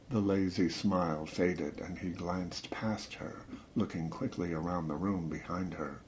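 Male audiobook narrator, measured steady reading, low voice, unhurried. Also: slight background noise. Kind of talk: scripted narration.

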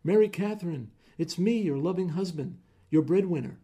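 A man's voice: mid-range voice, animated, normal speed, vocal fry, warm tone, slightly rough. A man voicing a hot-headed, drunk, out-of-work husband who blusters and pities himself. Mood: blustering. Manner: blustering, self-pitying.

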